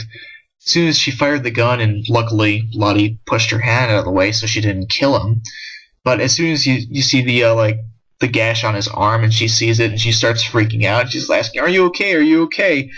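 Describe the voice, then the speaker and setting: A man's voice: medium pitch, a bit bright, poor audio. A man giving a casual, rambling spoken review of a comic chapter, with frequent restarts and filler words. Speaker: manga discussion vlogger.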